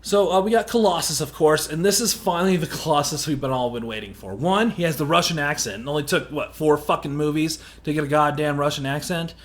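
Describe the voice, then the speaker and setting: A man's voice: a little high, a little fast, hardly any pauses. Rambling man reviewing a film. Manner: rambling, candid, swears casually. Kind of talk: casual movie review.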